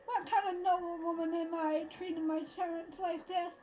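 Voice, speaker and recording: A woman's voice: very high voice, little pitch movement, moderate pace, a little mellow, low-quality recording. A woman voicing a haughty, spiteful noblewoman with a scornful, theatrical delivery, music playing underneath. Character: haughty spiteful noblewoman, blue-blooded and cruel.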